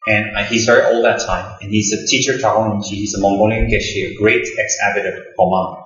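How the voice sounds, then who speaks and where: A man's voice: lowish voice, fairly even intonation, a little fast, a bit bright, distant mic, soft background music. Man in his 50s giving a dharma talk. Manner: anecdotal, emphatic, repeats phrases for stress. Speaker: Buddhist lama teacher. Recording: roomy, slightly dull recording.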